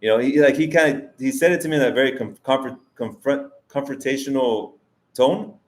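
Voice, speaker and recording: A man's voice: medium pitch, fairly quick. A man hosting a live stream, talking casually and rambling with restarts and fillers as he answers chat. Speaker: vlogger host reading live chat.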